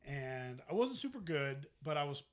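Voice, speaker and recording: A young man co-hosting a podcast, telling stories in relaxed casual chat, halting with many fillers. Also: fairly high pitch. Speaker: podcast co-host.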